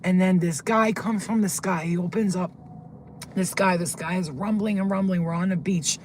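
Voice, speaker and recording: A woman vlogger who tells a dream in a rambling, excitable way from a parked car. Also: fairly low pitch, moderate pace, slight background noise. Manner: rambling, excitable, swears when flustered. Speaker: spiritual vlogger. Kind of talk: casual storytelling, recounting a dream. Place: car, pulled over.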